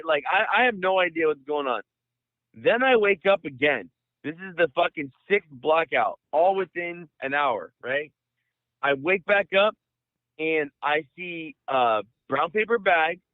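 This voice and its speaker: A young man from the Bay Area telling a long profane story on a podcast, rambling and animated. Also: fairly high pitch, dry recording. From San Francisco Bay Area. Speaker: podcast host. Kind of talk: casual storytelling. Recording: dry, phone-like audio.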